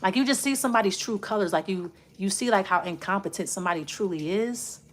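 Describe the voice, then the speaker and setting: Speaking fast in a mid-range voice, a woman does a casual tarot reading addressed directly to the listener. She is blunt and swears, rambling through the cards with many restarts.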